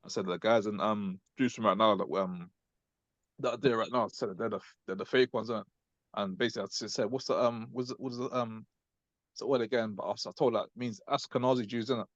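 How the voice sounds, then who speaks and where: Rambling young British man, fast and lo-fi. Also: on the low side, fairly even intonation, no room sound. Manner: rambling, filler-heavy, ends lines with "innit". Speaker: class member recounting an encounter. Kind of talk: casual call chat. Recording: dull lo-fi audio.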